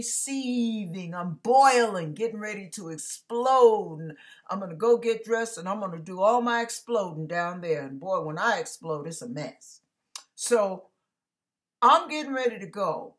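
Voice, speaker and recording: A woman's voice: mid-range voice, a bit bright. A middle-aged woman preaching as an online minister, telling a story with asides to her listeners. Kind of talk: preaching monologue.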